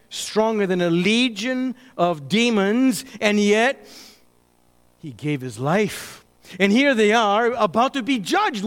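A man preaching a sermon dramatically, with long pauses, who drops suddenly to a hush. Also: high voice, in a large hall.

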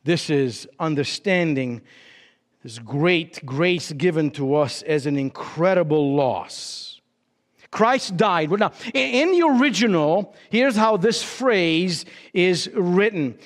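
A man preaching a sermon as pastor, with dramatic pauses and emphatic rises and drops. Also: sits high, fairly bright tone, big-room sound.

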